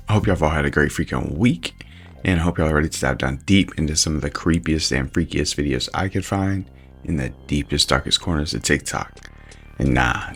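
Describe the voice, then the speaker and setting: A man's voice: very deep voice, fairly bright tone. A man hosting a casual reaction video, joking along and chuckling to himself as he comments. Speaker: host.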